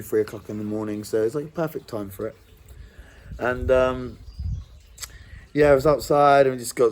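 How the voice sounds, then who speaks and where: Rambling man telling a road story. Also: lowish voice. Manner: rambling, lots of likes and ums. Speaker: tribute band musician. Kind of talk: casual anecdote.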